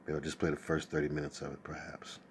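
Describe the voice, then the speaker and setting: A man's voice: a bass voice, monotone, fast, slight background noise. A man hosting a casual stream from his desk, reading viewer comments aloud with exclamations and chatty asides. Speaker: host. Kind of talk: casual livestream chat. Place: at a desk at home.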